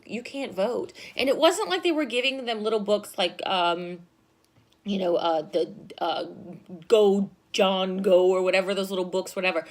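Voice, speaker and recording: Excitable woman teaching history. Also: sits high. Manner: excitable, fast and loud when enthused, laughs often. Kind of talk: recorded classroom lecture.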